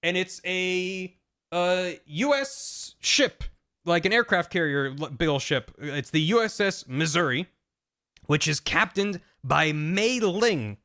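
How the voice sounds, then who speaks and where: A man's voice: high-pitched, animated, slow pace, sharp tone. A young man streaming a casual plot recap, rambling and chatty with lots of fillers. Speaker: streamer host.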